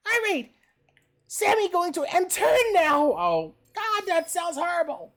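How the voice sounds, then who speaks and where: Woman straining into a squeaky puppet-monster voice, Elmo. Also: big pitch swings, measured pace, exaggerated voice. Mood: strained silly. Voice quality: pinched, strained falsetto. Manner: talks about himself in the third person. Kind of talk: gaming livestream commentary.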